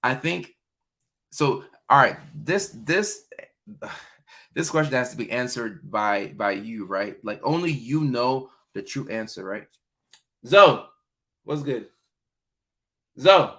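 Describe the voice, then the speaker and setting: A man's voice: medium pitch, lively intonation, slow, fairly bright tone. A young adult man hosting a livestream, chatting casually about relationships and answering viewer questions, with lots of fillers. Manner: loose and chatty, many fillers, acts out quoted voices. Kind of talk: casual live chat.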